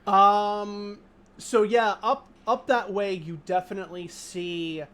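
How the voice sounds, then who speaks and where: A man's voice: high voice, fairly even intonation, slow, a bit bright, smooth. A man running a tabletop game as game master, rambling through scene descriptions with many fillers and restarts.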